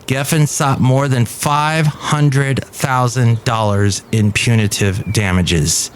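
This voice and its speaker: A man's voice: mid-range voice, steady tone, slow pace, few pauses, slight background noise. A middle-aged man from the United States hosting a podcast, telling a personal story in a rambling, casual way with restarts. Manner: rambling anecdotal delivery with restarts and acted quotes. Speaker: podcast host.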